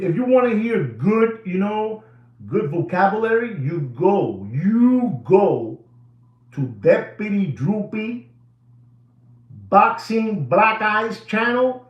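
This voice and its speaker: A man's voice: high voice, very animated, takes it slowly, highs cut off. Emphatic man in an echoey room. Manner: emphatic, repetitive, mixes in Spanish phrases. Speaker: watch market commentator. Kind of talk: animated price commentary.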